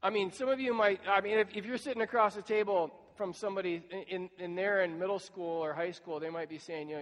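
A man with a fairly high voice delivers a sermon from the pulpit. He speaks conversationally, slipping into imagined dialogues with struggling people. The sound carries a long church reverb. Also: steady tone, quick pace, hardly any pauses, a bit bright. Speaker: pastor.

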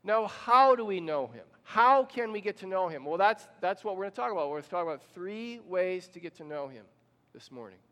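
A man's voice: high-pitched, animated, brisk, pushed and bright, long reverb tail. A man pastor preaching a sermon, telling the story and asking the congregation questions.

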